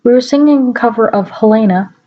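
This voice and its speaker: A woman with a slightly high voice reads aloud briskly in a mock-dramatic style, now and then stopping for wry asides. She's recorded at home on a laptop mic, and the highs are cut off.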